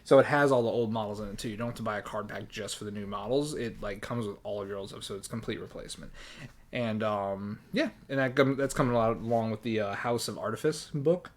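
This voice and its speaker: A man's voice: fairly low pitch, quick pace. A man co-hosting a game shop's live show, chatting casually about miniatures, rambling with lots of "like" and jokes. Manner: rambling, lots of filler "like", jokey. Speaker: co-host of a game shop show. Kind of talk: casual product chat. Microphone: livestream.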